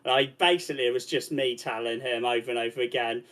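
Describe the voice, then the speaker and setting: A man's voice: medium pitch, steady tone, quick pace, hardly any pauses, fairly bright tone. A man, a stand-up comedian on a discussion panel, telling a rambling story with many restarts. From Britain. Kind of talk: casual panel chat.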